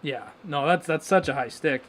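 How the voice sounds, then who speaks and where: Excitable young man calling hockey live. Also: on the high side, moderate pace. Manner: excitable play-by-play, bursts of loud exclamations. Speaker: watchalong host. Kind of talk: live hockey watchalong commentary.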